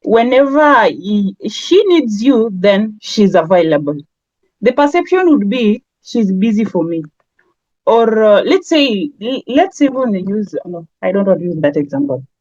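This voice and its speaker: The speaker is a woman who trains people in branding, lecturing with a Kenyan accent in a chatty manner full of everyday examples and Swahili asides. Her medium-pitched, darkish voice is very animated yet unhurried, captured in a dry recording with the highs cut off.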